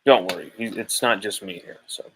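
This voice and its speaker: A man's voice: lowish voice, a little fast, fairly bright tone, a little hiss or hum, low-quality recording. A man hosting a live postgame show, ranting hotly with swearing and repeating his points for emphasis, speaking from home. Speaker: sports podcast host.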